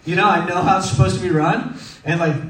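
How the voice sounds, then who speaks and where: High-voiced man telling funny stories. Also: fairly even intonation, fast talker, fairly bright tone. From Texas. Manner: humorous, self-deprecating, many fillers. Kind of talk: conversational sermon storytelling. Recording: echoey room, distant mic.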